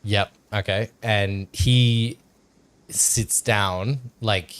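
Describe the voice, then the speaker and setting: A man narrating as game master, halting with many fillers. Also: lowish voice, steady tone, a bit bright, clean tone. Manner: halting, filler-heavy, laughing.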